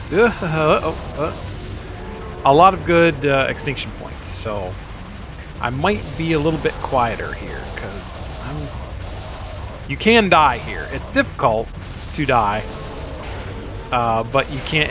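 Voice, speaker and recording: An older man hosting a let's play, giving rambling, self-deprecating casual commentary full of fillers. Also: mid-range voice. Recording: slightly dull lo-fi sound with faint music.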